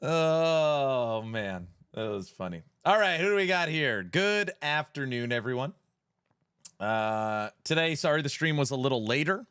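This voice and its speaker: A man's voice: mid-range voice, expressive, normal speed, sharp tone, clear, resonant tone, dry recording, clean studio sound. A man hosting a live stream in a playful, jokey way, greeting viewers by name as he reads the chat.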